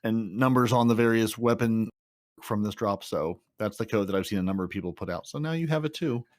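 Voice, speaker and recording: Fast-talking low-voiced man podcast host. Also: no room sound, studio quality. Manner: quick, explanatory, repeats words as he starts. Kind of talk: casual podcast chat.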